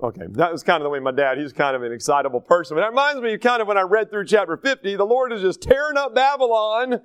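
A pastor from North Carolina teaches scripture and drifts into folksy stories. His voice sits a bit high for a man. The recording is dry, with no room sound. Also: animated, quick pace, clear, resonant tone, dry recording. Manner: conversational, digressive storytelling. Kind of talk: sermon, Bible study teaching.

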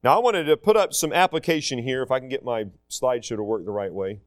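A man's voice: medium pitch, quick pace. A middle-aged man preaching a sermon in a conversational, self-deprecating way with humor.

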